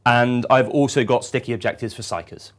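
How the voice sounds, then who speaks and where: Easygoing male player, middle pitch, dry humor. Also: fairly quick. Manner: relaxed, dry quips. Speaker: tabletop game player. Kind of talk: casual chat explaining game rules.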